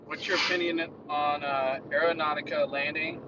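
A man's voice: a little high, level tone, normal speed, dull audio. Joking man, distant in a noisy car. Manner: joking, teasing questions. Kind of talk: casual chat on a car ride.

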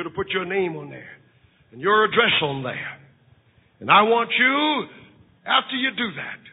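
A male preacher with a strikingly high, husky voice delivers a slow, dramatic sermon, jumping from near-whispers to cries and shouts. His pitch swings widely as he acts out the story for a large auditorium. The recording is tinny and phone-like, with a long reverb from the hall. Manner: shouting, crying delivery with big swings from hushed to loud. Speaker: pastor.

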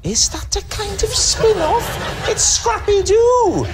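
A man putting on the squeaky voice of an excitable young male cartoon puppy, in a studio clip. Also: takes it slowly, heavily acted. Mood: giddy. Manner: high strained squeal. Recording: studio clip with music over it.

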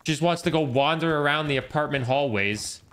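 A man's voice: fairly high pitch, fairly quick, fairly bright tone. A young man streaming a game, chatting casually in a rambling, joking way and swearing freely. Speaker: gaming streamer. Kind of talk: casual chat over gameplay.

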